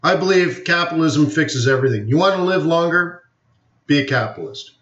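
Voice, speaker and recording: A man's voice: a little high, animated, a little fast, a bit bright. A man hosting a live forex webinar, rambling casually with opinions and jokes. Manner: rambling, opinionated, jokey, many fillers. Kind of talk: casual live-stream commentary. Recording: roomy, dull lo-fi stream audio.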